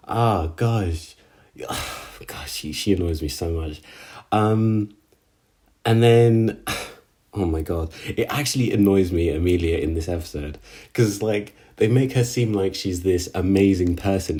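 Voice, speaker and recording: A man's voice: low voice, unhurried, mellow. A man recapping an anime episode in a casual, slangy way, often exasperated and full of fillers. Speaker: anime reviewer.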